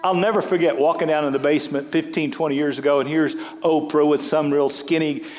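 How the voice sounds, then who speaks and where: A middle-aged male pastor preaching a sermon in an animated, joking way, with laughs and quick restarts. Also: fairly high pitch, big-room sound.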